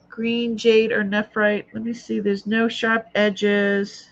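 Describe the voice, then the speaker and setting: Boston lady hosting a live jewelry sale, unhurried, muses out loud over every piece, kinda muffled sound. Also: medium pitch, little pitch movement. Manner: chatty, thinking aloud while handling items. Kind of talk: casual live-stream chat.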